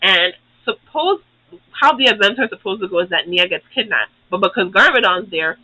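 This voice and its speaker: A young man with a high, very bright voice gives a casual, swear-filled recap of a show, rambling from point to point. The recording is dry and close, with no room sound at all. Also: lively intonation, moderate pace, no room sound, low-quality recording. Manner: profane, rambling, acts out characters. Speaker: YouTube host.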